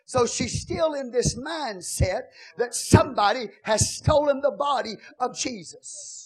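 A pastor with a very high voice and a drawl, preaching to his congregation. He drops into a low, confiding tone to retell scripture, then rises into shouted, half-sung cries. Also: expressive, unhurried, breathy edge. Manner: swings from soft storytelling to shouted, sing-song preaching. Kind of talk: sermon.

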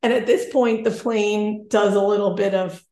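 A woman in her forties telling a story from her own life, animated and self-deprecating. She talks casually and acts out what people said along the way. Her voice sits at an ordinary pitch and carries a noticeable room echo. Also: normal speed. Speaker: guest telling a personal story. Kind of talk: conversational storytelling.

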